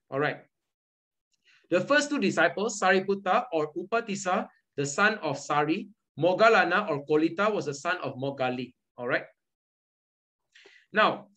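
In a rough video-call recording, a young man with a Malaysian English accent and a fairly high, slightly bright voice teaches an online Buddhist study group. His lecture style is patient and repetitive, filled with "okay" and "all right."

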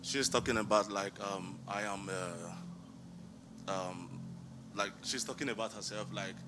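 A man's voice: fairly low pitch, unhurried, noisy background. A man from the congregation explaining what was said, unsure and full of fillers. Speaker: congregant interpreting.

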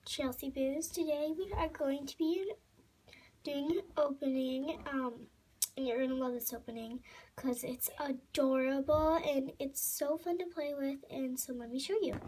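High-voiced, slow, gushing unboxer. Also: female voice, a little mellow, slight background noise. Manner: hesitant, full of ums, gushing over cuteness. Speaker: toy reviewer. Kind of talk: casual toy unboxing. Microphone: phone camera.

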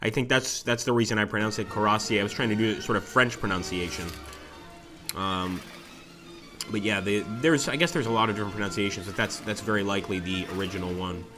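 A man's voice: lowish voice, fairly quick, over music. Man giving chatty gameplay commentary. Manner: chatty, reacts excitedly to the game and reads chat aloud. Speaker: streamer playing a strategy game.

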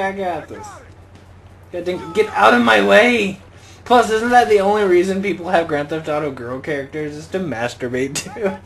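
A man's voice: a little high, poor audio. A young man giving casual gameplay commentary as a channel host, rambling and joking and muttering exclamations to himself.

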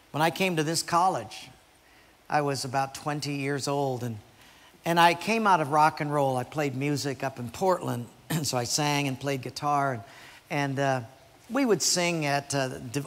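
A man's voice: on the high side, big-room sound, a little hiss or hum. A man, a pastor, preaching a sermon and telling stories with acted voices. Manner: storytelling with acted voices, animated. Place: church sanctuary.

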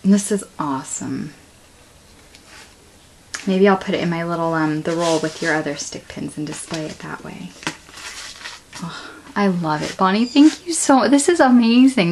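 A woman vlogger gushing and breathless as she opens a package, shaking with excitement and often dropping to a whisper. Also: fairly low pitch, moderate pace, long pauses, slight background noise, low-quality recording. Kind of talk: excited unboxing vlog. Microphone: camera on tripod.

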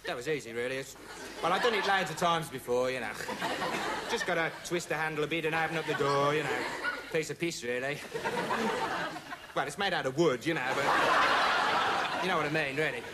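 A man's voice: a little high, a little fast, pauses often, a loud crowd, natural voice. An actor playing a dim young male amateur investigator who rambles through a comic monologue with pointless asides. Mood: rambling. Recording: loud studio audience laughter, noisy broadcast. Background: studio audience laughing.

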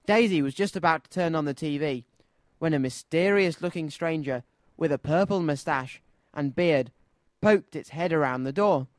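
A man presenting a children's radio show, reading a story aloud with an expressive, lively delivery. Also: fairly high pitch, moderate pace, dry recording. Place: radio studio.

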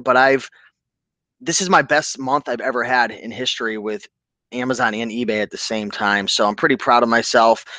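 On a casual reselling live stream, this medium-pitched male host chats loosely, animatedly reading viewer comments aloud and shouting them out with plenty of enthusiasm. There's no echo.

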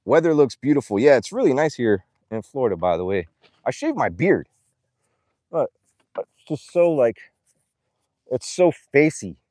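A young adult man livestreams casually from an animal ranch outdoors, chatting, reading donor names aloud, and cooing at the animals. His medium-pitched, warm voice is sing-song at normal speed with long pauses, and the studio-quality audio has no echo.

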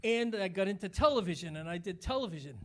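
A man's voice: sits high, lively intonation, fast. An older man from New England, a guest musician and entertainer, chatting easily in an interview and chuckling as he rambles through his stories. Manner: easygoing, rambling, chuckles between lines. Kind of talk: casual interview chat.

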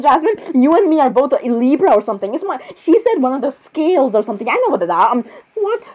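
A woman performing a playful fan role-play skit, voicing several princesses with excitable, dramatic exclamations and flustered restarts. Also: high-pitched, brisk, rough recording.

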